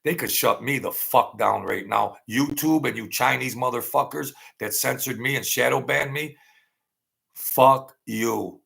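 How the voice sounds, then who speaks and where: Gravelly, profane man ranting. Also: mid-range voice, normal speed, hardly any pauses. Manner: angry, profane, rambling rant with sudden loud outbursts. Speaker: political commentary vlogger. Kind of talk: ranting monologue.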